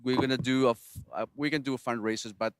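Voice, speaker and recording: Male restaurant manager, halting, smooth, dry sound. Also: medium pitch, fairly even intonation, no echo. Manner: slow, hesitant.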